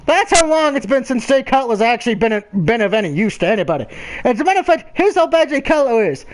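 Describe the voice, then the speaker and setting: A man with a very high voice hosts a casual football talk show. He rants bluntly and swears freely, pushing his picks with animated conviction. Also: fast talker. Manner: blunt, profane, animated ranting. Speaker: sports picks podcast host. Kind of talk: casual sports chat.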